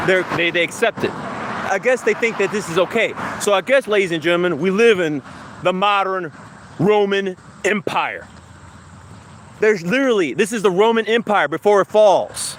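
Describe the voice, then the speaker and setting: A man's voice: sits high, lively intonation, moderate pace, background noise. A man ranting angrily and profanely while walking down a city street, talking into a phone on a livestream. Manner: heated, profane, repetitive. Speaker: livestream host. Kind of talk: angry street rant.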